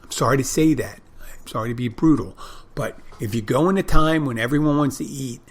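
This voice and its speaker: A man's voice: medium pitch, a little fast, breathy edge. A middle-aged man hosting a podcast, telling a rambling, profane story in a casual monologue with frequent restarts. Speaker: podcast host.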